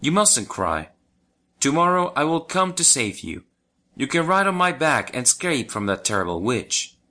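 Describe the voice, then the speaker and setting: A man's voice: mid-range voice, sing-song, moderate pace, sharp tone. A man voicing a wise female yak-like animal who tells a boy how to escape, in a children's storybook. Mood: calm instructive.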